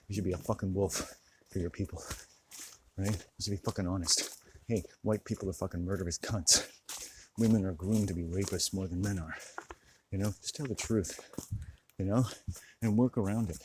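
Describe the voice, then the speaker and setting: A man with a fairly low voice rants to his camera, preachy and heavy with swearing. He smokes and drinks as he talks. A faint hiss of noise sits behind him. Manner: profane, preaching rant. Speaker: vlogger. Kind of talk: monologue to camera.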